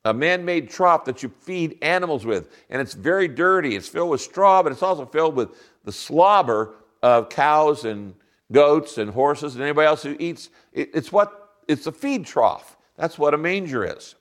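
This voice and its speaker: A man preaching a sermon as pastor, earnest, slowing down to stress key lines. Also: on the high side, expressive, fairly bright tone. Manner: earnest preaching, slows down for emphasis.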